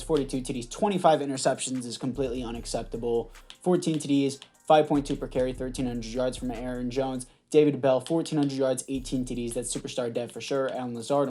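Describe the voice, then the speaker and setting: Offhand young man with a mellow voice. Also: mid-range voice, a little hiss or hum. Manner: offhand, sarcastic, talks to viewers. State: throat catching, clearing throat. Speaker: gaming YouTuber. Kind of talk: casual gameplay commentary. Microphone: headset mic.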